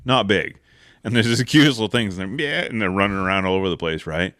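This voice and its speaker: A man's voice: sits low, animated, quick pace, fairly bright tone, no room sound, clean studio sound. A man hosting a podcast, telling a hunting story in a casual, rambling way, full of "like" and "right?" and acting out the people in it. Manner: rambling, with many "like" and "right?" fillers; acts out the people in his stories. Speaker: podcast host.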